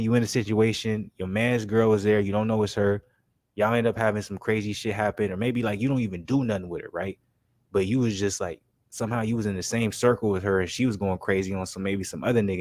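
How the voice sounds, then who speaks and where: Laid-back low-voiced male stream host. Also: fairly even intonation, a little mellow. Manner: laid-back, slangy, keeps saying "you know what I'm saying" and "man"; talks through made-up scenarios, voicing friends in quick quotes. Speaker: livestream basketball commentary host. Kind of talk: casual chat to a live stream chat.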